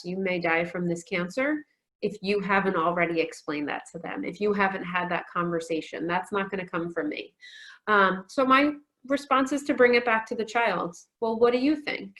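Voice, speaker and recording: A woman in her forties, a counselor giving a conference talk, telling stories with frequent "um" fillers. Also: mid-range voice. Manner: warm storytelling with frequent "um" fillers. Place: virtual conference.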